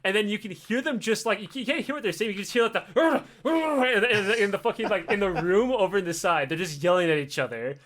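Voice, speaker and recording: A man hosting a podcast, telling a story in an animated, casual way, swearing a lot and acting out the people in it. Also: high-pitched, fast, few pauses. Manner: animated, heavy swearing, acts out voices. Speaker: podcast host.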